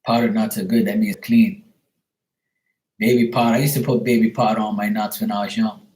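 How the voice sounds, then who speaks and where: A man's voice: on the low side, flat delivery, brisk, a little mellow, reverberant. A man hosting a casual livestream chat, talking in a joking, crude, rambling way. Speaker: livestream host.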